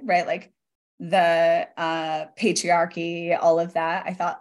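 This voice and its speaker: A woman's voice: lowish voice, fairly even intonation, measured pace. A woman in her forties talking as a guest in a podcast interview, earnest and reflective, often laughing lightly. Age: 40s. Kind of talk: casual interview talk.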